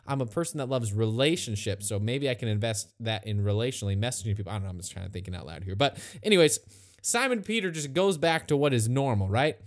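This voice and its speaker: A man teaching a Bible passage in a casual, conversational way, retelling the story with lively asides. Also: mid-range voice, quick pace. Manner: conversational, animated retelling with acted quotes. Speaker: pastor.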